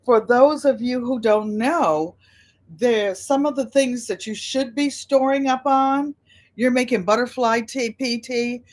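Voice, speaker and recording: A woman's voice: on the high side, unhurried. Rambling older woman chatting on livestream. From United States. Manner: rambling, greets chat viewers by name. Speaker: livestream host. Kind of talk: casual livestream chat.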